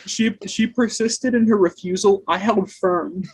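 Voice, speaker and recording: A man's voice: sits high, unhurried, slightly rough, no room sound, rough recording. A man in a casual book discussion, reading long passages aloud and chuckling between lines.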